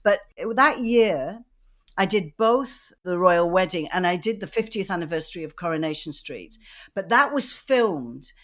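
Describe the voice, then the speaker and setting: A woman from Manchester with a Mancunian accent tells long, lively stories in a relaxed podcast chat. She rambles cheerfully from one anecdote to the next. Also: lowish voice, measured pace. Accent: Mancunian English. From Manchester, England. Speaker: podcast co-host. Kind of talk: casual chat.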